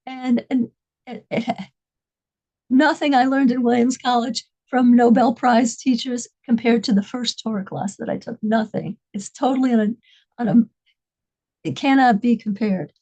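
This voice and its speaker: A woman telling a story in a halting way, often repeating and restarting her words. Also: on the high side, mellow, highs cut off. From United States, New York and Massachusetts. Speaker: religious speaker. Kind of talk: storytelling talk.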